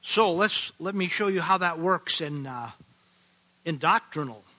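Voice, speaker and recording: An older man from the American Midwest preaching a sermon, earnest and emphatic, slowing to stress key phrases. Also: on the high side, expressive, sharp tone, low-quality recording. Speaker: pastor.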